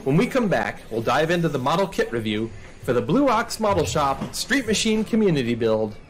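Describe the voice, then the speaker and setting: Male host, scripted comedy, preachy and theatrical, lively high-ish voice. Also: normal speed.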